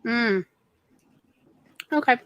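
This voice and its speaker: A woman co-hosting a casual chat show talks in loose, rambling stories full of fillers. Her voice sits a bit high. The sound is dry and close, with no room around it. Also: very slow, a bit bright, dry recording, muffled recording. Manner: chatty, rambling storyteller with many fillers. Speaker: podcast co-host.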